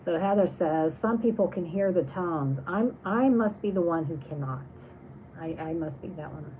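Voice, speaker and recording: A woman's voice: on the low side, expressive, moderate pace, mellow, a little hiss or hum, low-quality recording. A woman hosting a casual livestream, reading viewer comments aloud and chatting on in a rambling way with many restarts. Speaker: livestream host.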